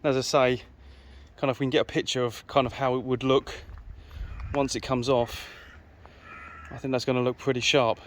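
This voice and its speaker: Out on a windy day working on a car, a British car restoration vlogger keeps up easygoing, casual commentary and thinks aloud with fillers. He has a mid-range voice, a level tone, and normal speed.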